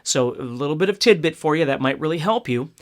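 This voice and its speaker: A man's voice: fairly high pitch, animated, quick pace. A man giving a casual, step-by-step guitar lesson, often checking in with "okay?". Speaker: guitar teacher. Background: acoustic guitar playing.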